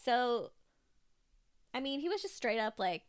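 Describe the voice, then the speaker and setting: A woman's voice: a little high, big pitch swings, a little slow, no echo, clean studio sound. Teasing, chatty woman podcast co-host. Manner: teasing, chatty, laughs often. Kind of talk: casual chat.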